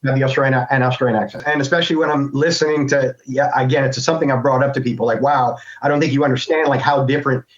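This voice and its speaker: A man's voice: medium pitch, steady tone, rapid-fire, few pauses. A middle-aged American man talking as an interview guest, thinking aloud and rambling with many restarts. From United States. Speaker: guest voice actor. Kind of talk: casual interview chat. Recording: dull lo-fi sound.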